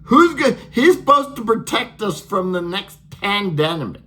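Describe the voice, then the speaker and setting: A man's voice: sits high, sing-song, measured pace, bright, forceful tone, a little hiss or hum. A man delivering a sarcastic, profane political rant, laughing at his own jokes. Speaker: political vlogger.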